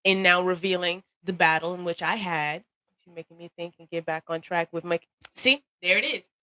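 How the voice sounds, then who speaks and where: Her voice runs on the low side at a normal speed, bright and sharp, as a young woman hosts a live phone stream full of motivational chat. She encourages viewers, greets them by name, laughs often and repeats phrases to drive points home, and the sound is close and dry with no room echo.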